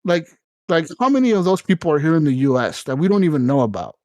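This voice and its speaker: A man hosting a podcast, telling a story in casual, excited, profane chat. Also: a little high, fast talker, no echo, low-quality recording. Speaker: podcast host.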